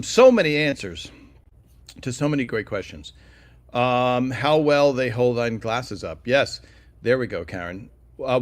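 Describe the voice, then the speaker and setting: A man's voice: medium pitch, fairly bright tone, no room sound. A man hosting a casual livestream, rambling and chatty as he answers viewer questions with many fillers and asides. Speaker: livestream host.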